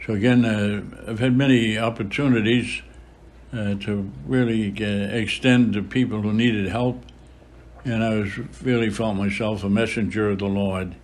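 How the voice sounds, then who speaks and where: A man of about a hundred, a priest recalling his life in an interview, unhurried, with frequent filler pauses. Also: lowish voice, steady tone. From Boston area, USA. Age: about 100. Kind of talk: reminiscing in an interview.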